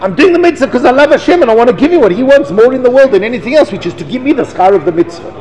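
A man teaching a Torah class to an audience, reading Hebrew passages and translating them, acting out the dialogue in animated bursts. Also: very high-pitched, very fast, in a large hall. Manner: animated, reads Hebrew text then translates, acts out dialogue. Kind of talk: Torah lecture.

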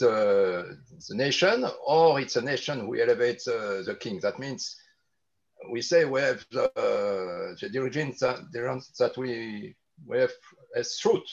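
Gravelly man asking a halting question. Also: medium pitch, dull audio. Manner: halting, searching for words with many "uh"s. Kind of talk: hesitant question in class.

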